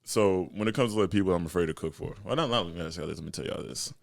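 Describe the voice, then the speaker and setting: A man's voice: low-pitched, racing, creaky. A man with a Texan accent hosting a podcast, joking and teasing his guests in casual chat, laughing often. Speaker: podcast host.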